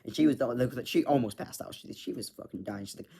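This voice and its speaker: A man's voice: medium pitch, a little fast, vocal fry, warm tone, breathy edge. A man rambling through a personal story in casual chat, full of filler words and frequent swearing. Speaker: vlogger.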